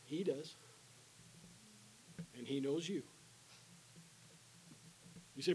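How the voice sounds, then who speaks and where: A man delivers a church sermon, calling out for answers from the pews and then softening into a quiet invitation. His voice sits slightly high for a man. A faint hiss runs under the recording. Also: drawn-out words, pauses often, rough recording. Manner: call-and-response with the congregation, alternating loud and hushed. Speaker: guest preacher. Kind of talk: evangelistic sermon. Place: church sanctuary.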